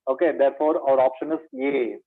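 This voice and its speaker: Indian English maths teacher, tinny audio. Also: male voice, mid-range voice, little pitch movement, fairly quick. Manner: asks questions and answers them himself, says "my dear" and "sir". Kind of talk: exam revision lecture. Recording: tinny phone-like online lecture audio.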